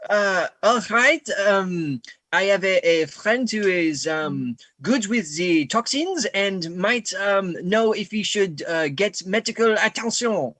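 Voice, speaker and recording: Man doing a thick French accent, halting, full of fillers, lively pitch, dry sound. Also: no echo, heavily acted. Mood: puzzled. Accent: put-on French.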